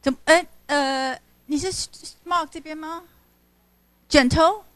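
A woman literature professor with a high voice speaks slowly in a fairly even, bright tone with no room sound. She gives a poetry lecture to a university class, mixing English and Mandarin, reading lines aloud to show their stresses and checking in with her students.

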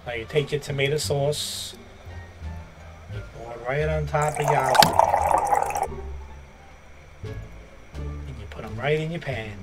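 A man's voice: mid-range voice, natural voice. A man voicing a brash Italian-American mobster with a New York accent, picking fights while narrating a game. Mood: instructive. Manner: tough-guy, swaggering, quick to pick fights. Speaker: gaming YouTuber. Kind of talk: in-character comedic gameplay commentary. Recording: roomy echo with game music behind.

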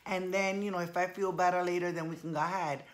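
A woman's voice: on the low side, fairly even intonation, fast. A woman in her forties chatting casually to her viewers, full of slang and calling them y'all. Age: 40s. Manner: colloquial, playful slang. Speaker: vlogger. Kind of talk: casual chat.

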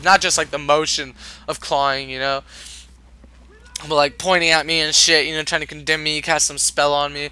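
A man's voice: on the high side, pushed and bright, smooth. A young man working a retail service desk, telling customer stories in an exasperated, profanity-laced rant. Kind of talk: ranting storytime vlog.

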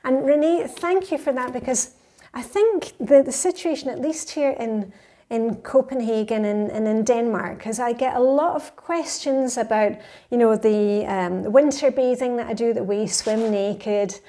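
A woman's voice: a little high, a little slow, warm tone. A woman in her fifties, a lifestyle vlogger chatting enthusiastically as she reads out and answers viewer comments. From Scotland. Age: 50s.

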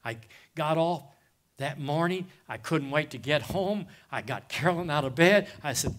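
A middle-aged pastor with a bright, forceful voice that sits a little high for a man. He preaches with passion, dropping to near-whispers for his confessions and then surging loud. He keeps checking in with the congregation, asking "Amen?". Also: lively intonation, normal speed. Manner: addresses listeners as "guys" with call-outs of "Amen?". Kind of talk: sermon.

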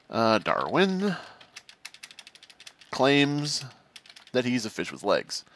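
A man doing casual let's-play commentary in an animated, jokey way, thinking aloud as he plays. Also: medium pitch, takes it slowly, creaky, long pauses. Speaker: gaming commentator.

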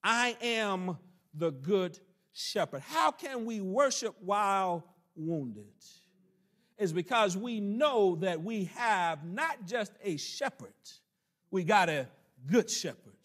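A man's voice: sits high, animated, slow, a bit bright. A man teaching a church Bible study in preaching style, stretching key phrases for emphasis and dropping in folksy country asides.

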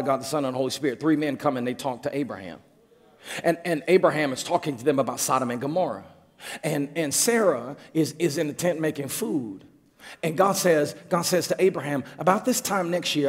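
A man preaching a sermon as pastor, building up to shouted passages. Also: a little high. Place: large church sanctuary. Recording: reverberant church hall.

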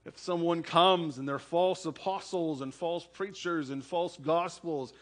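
Higher-voiced man preaching a sermon. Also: a little slow, a bit bright. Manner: conversational, asks "right?" often. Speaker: pastor. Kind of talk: sermon with scripture reading and prayer.

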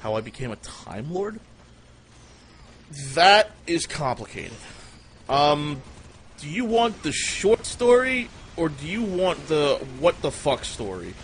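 A man's voice: a little high, very animated, slow, slight background noise. A man hosting a livestream, telling crude comic tall tales in a rambling, swearing style. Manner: rambling, swears a lot, jumps into loud quoted voices. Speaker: livestream storyteller, host.

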